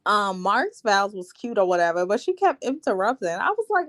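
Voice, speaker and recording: A woman's voice: mid-range voice, very animated, normal speed, few pauses, fairly bright tone. A woman hosting a live reality TV recap, chatting in a sassy, gossipy, slangy way. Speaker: show recap host.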